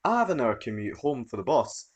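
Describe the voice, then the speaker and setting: A man reading a story aloud as its narrator, in an expressive storytelling manner. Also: mid-range voice, fairly quick. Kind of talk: scripted narration.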